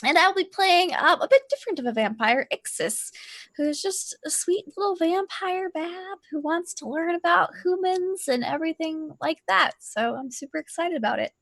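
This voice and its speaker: High, bright-voiced eager woman. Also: normal speed, no room sound. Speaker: player.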